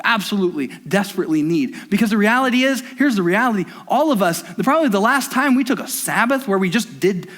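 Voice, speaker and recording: High-voiced man preaching with emphasis. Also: fairly bright tone. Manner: emphatic, repetitive preaching with rising intensity. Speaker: pastor. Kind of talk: sermon.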